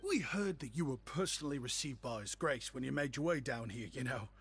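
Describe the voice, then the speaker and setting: An actor with an English accent playing an eager, humble young shopkeeper with flowery, overly polite speech. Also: male voice, medium pitch, lively intonation, a little fast, fairly bright tone, slightly rough, full character voice. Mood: flattering. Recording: game audio with faint music behind.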